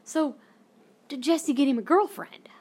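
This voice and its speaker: A blunt, impatient mother fires off questions at her tearful daughter , voiced by a woman in a retold story. The voice sits a little higher and louder than plain talk, with a no-nonsense edge. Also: measured pace. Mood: exasperated.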